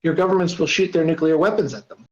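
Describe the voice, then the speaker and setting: A man's voice: a little high, fast talker, pitched above the performer's own voice, natural voice. A man voicing a bubbly, giggly alien woman. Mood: cheerful. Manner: bright and chatty, giggly. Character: cheerful, playful young female alien. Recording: roomy, dull voice-chat audio.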